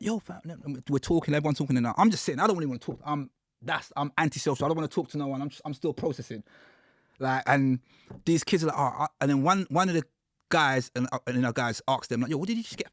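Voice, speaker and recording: A man, a podcast guest telling his story in a casual, animated way. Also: mid-range voice, dry recording, studio quality. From United Kingdom. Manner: animated storyteller, acts out quotes with slang.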